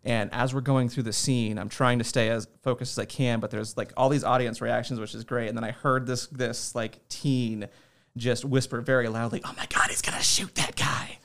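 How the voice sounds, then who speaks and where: A man in a relaxed interview, telling stories about himself with self-deprecating humor and frequent laughs. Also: mid-range voice, normal speed. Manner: laughs often. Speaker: interview guest. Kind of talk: casual chat.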